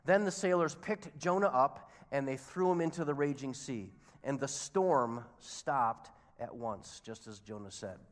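A man's voice: medium pitch, measured pace, few pauses. A man preaching a sermon, telling the story expressively and acting out the characters' lines. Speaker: pastor. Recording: long hall reverb.

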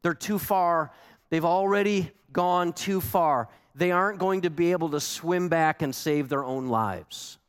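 A man preaching a sermon as a pastor, animated and emphatic, asking the congregation pointed questions. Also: a little high, measured pace, clear, resonant tone. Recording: long hall reverb.

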